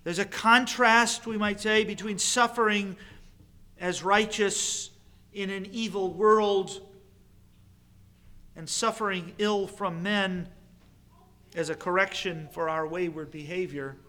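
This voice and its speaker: A man preaching a sermon in a measured, emphatic way, pausing and repeating key phrases. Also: high-pitched, steady tone, bright, forceful tone. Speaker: pastor.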